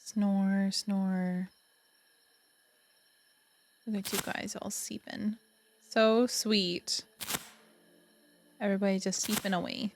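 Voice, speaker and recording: A woman's voice: medium pitch, little pitch movement, measured pace, long pauses, a little hiss or hum. A young woman streaming a game, chatting casually, cooing and doting with giggles and sudden gasps. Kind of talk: casual live-stream commentary.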